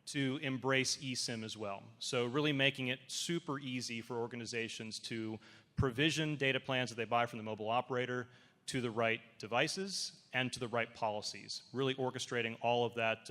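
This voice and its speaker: Bright-voiced man pitching at a conference. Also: steady tone, fairly quick. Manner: enthusiastic, sales-pitch delivery. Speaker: partner company presenter. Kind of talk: conference presentation. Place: large conference hall. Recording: long reverb of a conference hall.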